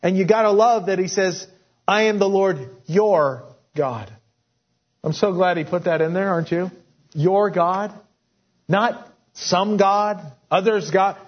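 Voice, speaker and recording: A man's voice: fairly even intonation, unhurried. Lo-fi male preacher teaching scripture. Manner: rising pitch and force when voicing God's words, frequent fillers and restarts. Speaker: pastor. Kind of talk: sermon. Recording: dull lo-fi audio.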